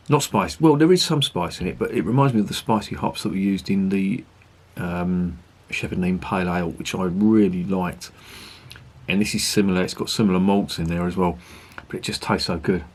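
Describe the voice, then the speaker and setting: A man reviewing a beer to camera, chatty and enthusiastic, swearing casually. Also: sits low.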